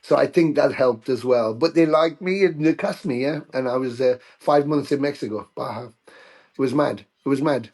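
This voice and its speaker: A middle-aged British man telling anecdotes in a casual interview, animated when he quotes others. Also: medium pitch, moderate pace, few pauses. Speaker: guest musician.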